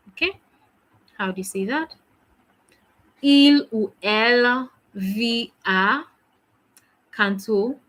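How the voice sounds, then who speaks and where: A woman's voice: mid-range voice, fairly bright tone, poor audio. A woman teaching a French lesson, patiently drilling phrases and praising each answer. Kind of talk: language lesson.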